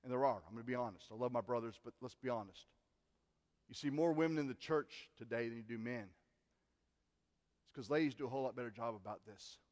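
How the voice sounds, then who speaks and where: A man preaching a sermon as pastor, earnest, moving from loud emphasis to hushed asides. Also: mid-range voice, quick pace. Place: church sanctuary. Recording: long church hall reverb.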